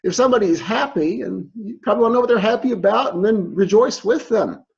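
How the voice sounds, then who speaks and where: A middle-aged man lectures in a relaxed, conversational way, slipping into quoted voices of the people he describes. His voice sits fairly high and has a husky edge. The recording is dull and lo-fi. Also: quick pace. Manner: conversational, acts out quoted reactions. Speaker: university instructor.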